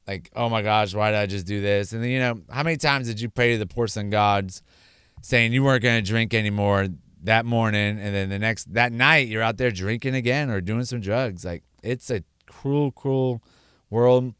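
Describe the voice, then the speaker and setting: A man's voice: mid-range voice, moderate pace, a bit bright, clear, resonant tone, dry recording, studio quality. A middle-aged man telling his own sobriety story in an earnest, rambling way, often restarting sentences and acting out quotes. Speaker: podcast host sharing his sobriety story. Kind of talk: candid personal monologue.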